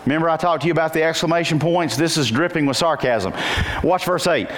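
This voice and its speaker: A male pastor preaching a sermon, questioning his listeners often and slowing down to stretch quoted lines in a singsong voice. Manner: animated, singsong quoting with big pitch jumps and slowed emphasis; asks the congregation frequent questions. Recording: long reverb and faint noise in a hall.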